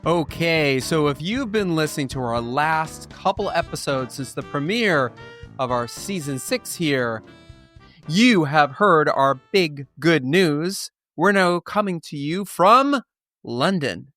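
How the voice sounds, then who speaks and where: A man's voice: a little high, lively intonation, slow, fairly bright tone, soft background music. A man hosting a podcast, speaking in a playful, jokey way with a musical bed underneath. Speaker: podcast host. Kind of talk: upbeat podcast intro. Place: London.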